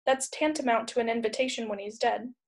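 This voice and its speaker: A woman reads a pompous male professor, smug and lecturing, full of himself in a storybook reading. The voice is a little high. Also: fairly even intonation, a little fast, vocal fry.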